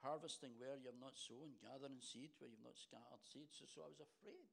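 A frightened male servant offers quiet, apologetic excuses in a low, gravelly voice, as a preacher puts him on. He sounds hesitant and sheepish. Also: a little fast.

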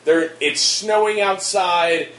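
A man's voice: sits high, takes it slowly, fairly bright tone. Blunt, swearing man in an echoey room. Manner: blunt and profane, lots of fillers. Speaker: podcast co-host. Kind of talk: casual chat. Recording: roomy echo, distant mic, faint hiss.

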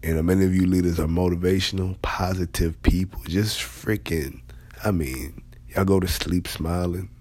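A man's voice: deep voice, steady tone, moderate pace, a little mellow, no room sound. A man giving a conversational motivational talk to leaders, emphatic and repeating key phrases. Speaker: motivational speaker.

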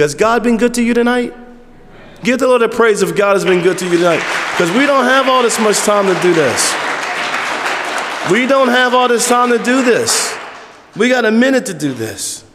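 A man preaching a sermon as pastor, emphatic and repetitive, dropping to hushed asides, in southern US vernacular. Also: high-pitched. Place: church sanctuary. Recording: long church hall reverb.

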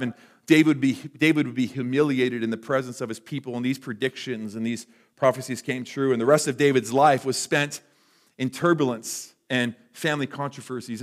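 A man preaching a sermon, retelling a story in a conversational way and often restarting his sentences. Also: mid-range voice. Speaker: pastor.

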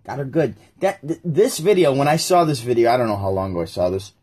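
A man's voice: medium pitch, expressive, fast talker, darkish tone, breathy edge. A man giving rambling, sarcastic commentary while reacting to a video and reading aloud. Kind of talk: casual commentary vlog.

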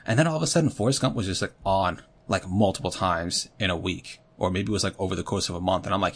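Deep husky man, rambling podcast co-host. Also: quick pace, few pauses, fairly bright tone. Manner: rambling storyteller, heavy on fillers. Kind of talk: casual chat.

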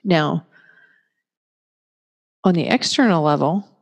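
A woman giving a calm, reflective teaching talk on parenting, speaking gently and patiently and working through examples step by step. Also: deep voice, slow pace, creaky, muffled recording. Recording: long reverberant room echo.

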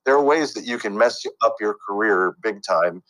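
Low-voiced male voice actor chatting. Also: expressive, normal speed, a bit bright, poor audio. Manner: rambling, with many fillers and restarts. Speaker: voice actor and coach. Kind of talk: casual interview chat.

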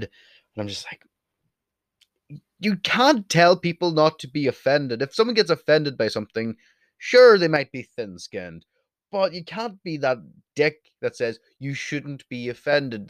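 A man's voice: mid-range voice, lively intonation, moderate pace, no echo. A young Irish man with an Irish accent, speaking casually to camera with blunt, opinionated remarks and free swearing. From Ireland. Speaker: video creator.

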